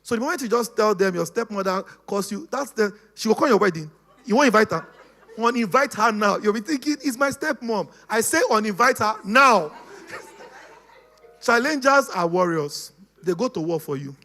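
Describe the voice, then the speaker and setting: A man giving a lively, casual teaching talk, laughing often and checking that his listeners follow. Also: sits high, moderate pace. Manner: animated, laughing, acts out quoted voices, keeps asking "you understand?". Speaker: speaker on personality types.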